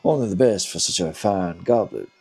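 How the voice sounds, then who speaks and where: Brief: man doing a boastful game barkeep with a crooner's drawl, husky and gravelly. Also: low-pitched, moderate pace, darkish tone, exaggerated voice. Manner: attempted rock-and-roll crooner drawl. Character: loud drawling male tavern barkeep.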